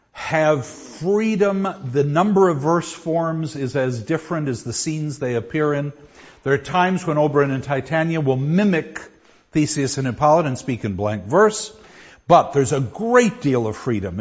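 A man teaching a class, explaining verse and reading lines aloud with pauses. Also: on the high side, husky. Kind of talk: classroom lecture. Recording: dull lo-fi classroom recording.

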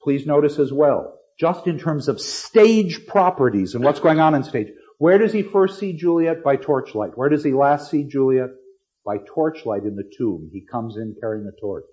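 A middle-aged man lectures on poetry with animated energy, swinging from quiet asides to bursts of dramatic reading. His voice sits at an ordinary pitch. The recording is slightly dull and lo-fi. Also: normal speed. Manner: animated, acts out lines dramatically. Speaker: literature teacher.

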